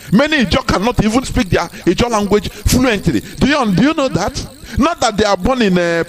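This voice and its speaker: A man with a Nigerian Igbo accent giving a live broadcast speech, emphatic and full of repeated rhetorical questions. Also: a little high. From southeastern Nigeria. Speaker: activist broadcaster.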